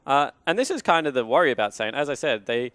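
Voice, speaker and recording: A man's voice: medium pitch, fast, clean tone, no echo. A man giving casual, analytical color commentary on an esports match. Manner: relaxed analytical, casual fillers.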